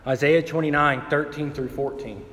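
A man's voice: fairly high pitch, fairly even intonation, normal speed. Casting: male pastor, thirties, conversational preaching with faint room hum. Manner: conversational storytelling, shifting between quiet and emphatic. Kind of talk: sermon. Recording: hall reverb with faint ambience.

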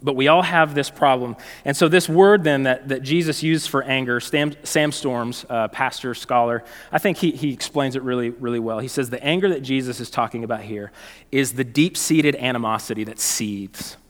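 A male pastor preaching a sermon in a conversational, animated way, telling stories and often restarting phrases. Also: mid-range voice, normal speed, big-room sound.

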